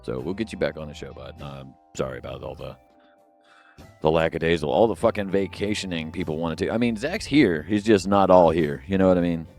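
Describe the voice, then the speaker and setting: A man's voice: low-pitched, fairly quick, a little mellow, faint music behind. A man co-hosting a podcast alone, rambling casually with jokes and filler words. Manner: rambling, jokey, lots of fillers and asides. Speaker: podcast co-host. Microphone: headphones and studio mic.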